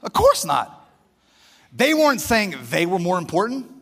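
A pastor with a high, bright-edged voice delivers a sermon with fervour, speaking conversationally and directly to his congregation in a sing-song, measured way with some vocal fry. A long, ringing hall reverb surrounds his words, like a church sanctuary.

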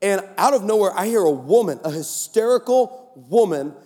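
A man preaching a sermon at a conference, telling stories and building to shouts. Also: sits high, normal speed. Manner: storytelling, animated, rising to shouts. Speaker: pastor. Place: conference stage in a large hall. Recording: echoey large hall.

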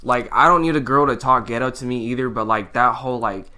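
A man's voice: mid-range voice, fairly even intonation, fast, a loud crowd. A young man co-hosting a podcast in casual chat, blunt and profane, with emphatic opinions. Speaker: podcast co-host.

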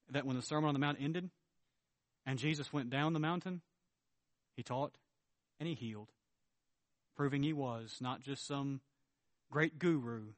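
A man preaching a sermon as pastor, emphatic, swinging between loud declarations and low, earnest tones. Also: dry recording.

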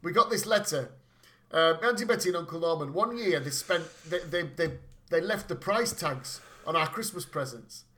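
A man's voice: a little high, moderate pace. A man telling funny family stories in casual chat, swearing freely and laughing as he talks. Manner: animated storyteller, swears freely, laughs while talking.

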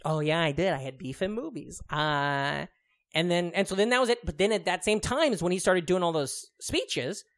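A man's voice: high-pitched, animated, moderate pace, a bit bright. Rambling, profane man on a podcast. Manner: rambling, profane, laughs often, lots of fillers. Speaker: podcast co-host. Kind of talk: casual chat.

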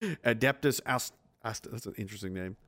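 A man's voice: fairly low pitch, moderate pace, pushed and bright. A man hosting a casual livestream, reading viewer comments aloud and answering with blunt, profane, exasperated rants.

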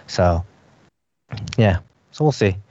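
A man's voice: sits low, animated, slow, warm tone, no room sound, lo-fi sound. A man hosting a podcast in casual chat, talking in a rambling way full of fillers. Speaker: podcast host.

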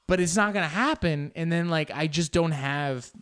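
A man's voice: fairly high pitch, moderate pace, fairly bright tone, smooth. A young man hosting a show alone, rambling in casual, profane, self-mocking chat. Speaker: podcast host.

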